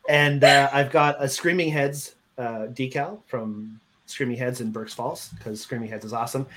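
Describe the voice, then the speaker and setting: A man's voice: medium pitch, fairly even intonation, normal speed, background noise. A man hosting a casual podcast chat, joking around and asking his guests questions. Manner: laid-back, jokey, asks the questions. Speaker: podcast host.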